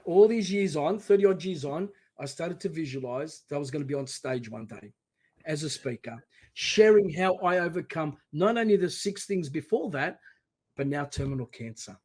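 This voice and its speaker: A middle-aged man telling his personal story as a podcast guest, emphatic and animated, often quoting his own words. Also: on the high side, normal speed, slightly rough.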